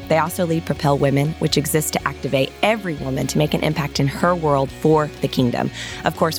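Upbeat woman podcast host with an Oklahoma accent, low voice, bubbly delivery. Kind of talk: scripted intro and casual chat.

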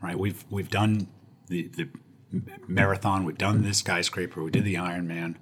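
A man's voice: low voice, flat delivery, normal speed, fairly bright tone. A man, a guest on an interview show, telling a personal story with self-deprecating humor and punchlines.

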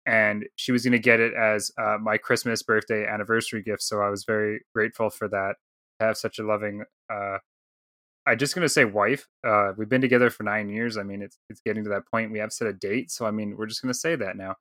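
Bright-voiced man telling a lively story. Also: lowish voice, brisk, no echo, studio quality. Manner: animated storyteller, acts out quoted dialogue. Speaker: podcast co-host. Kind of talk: casual chat, storytelling.

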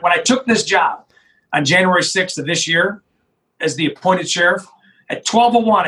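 A middle-aged sheriff recounts a tense moment in an interview, his voice high for a man. He speaks with insistent emphasis and keeps doubling back on his words, in an animated retelling captured on a rough recording.

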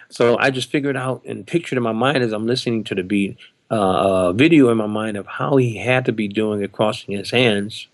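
Gravelly older guy, 60s drummer telling a story, acts out the voices, dry close sound. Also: lowish voice, dry recording. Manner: animated, acts out quoted voices. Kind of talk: anecdotal storytelling.

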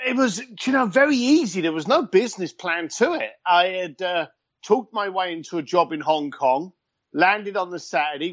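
A man's voice: sits high, a bit bright, no echo. Chatty East London man on a muffled line. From East London, England. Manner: chatty and self-deprecating, quick with a joke. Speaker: guest, luxury concierge. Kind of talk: casual interview chat over a call.

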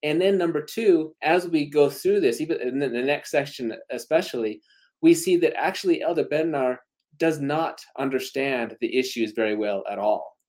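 A man's voice: on the high side, moderate pace, darkish tone. A man on a casual podcast who explains his view in an earnest way.

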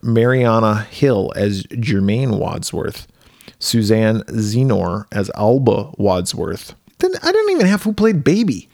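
A man co-hosting a podcast, chatting casually about a movie with profane jokes and lively storytelling. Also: fairly low pitch, slow, vocal fry, no room sound, studio quality. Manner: profane, joking, animated storytelling. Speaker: podcast co-host.

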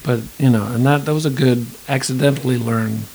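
A middle-aged man speaks in a relaxed interview, circling his thoughts with frequent restarts and self-corrections. His voice sits at an ordinary pitch, and a faint hiss runs under the recording. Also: fairly quick, rough recording. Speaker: actor and acting teacher. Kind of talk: conversational interview.

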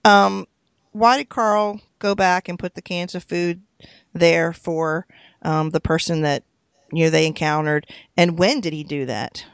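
Easygoing podcast co-host with a gravelly, dry-sounding voice, leading a relaxed chat through set questions. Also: medium pitch, measured pace, dry recording. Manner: easygoing, asks numbered questions, chuckles often. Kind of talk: casual discussion of a TV episode.

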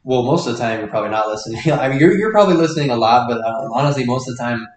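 A man's voice: mid-range voice, animated, rapid-fire, roomy sound, far from the mic. A man in a casual conversation, musing and hedging as he talks.

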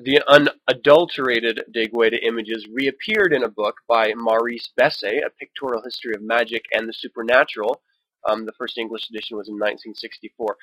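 A man's voice: mid-range voice, fairly bright tone, dry recording, poor audio. A man hosting a solo podcast, talking casually, reading book passages aloud and adding wry, profane asides. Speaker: podcast host.

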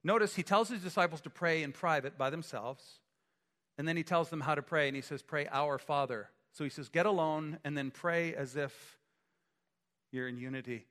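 A man preaching a sermon as pastor, animated and acting out scenes with quick changes of voice. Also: on the high side. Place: church sanctuary. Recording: echoey hall.

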